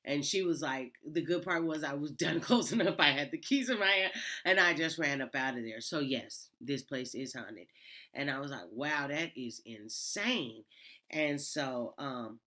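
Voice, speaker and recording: A woman's voice: low voice, normal speed, sharp tone. A woman hosting a channel where she reads Reddit stories, chatting casually and rambling with fillers and laughs. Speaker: host reading Reddit stories. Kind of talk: casual storytelling.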